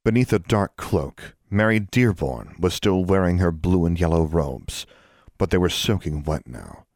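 A man reading a novel aloud as an audiobook narrator, in a measured, steady manner. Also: sits low, no room sound, clean studio sound. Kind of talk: scripted narration.

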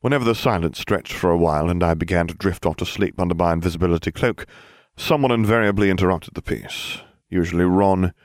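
Deep-voiced man narrating an audiobook. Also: fast, dry recording, clean studio sound.

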